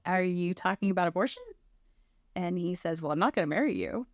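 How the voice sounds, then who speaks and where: A woman's voice: fairly low pitch, animated, fairly quick, no echo, studio quality. A woman in her thirties sharing a personal testimony, earnestly telling her story and acting out what people said to her. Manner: earnest storytelling, acts out quoted dialogue.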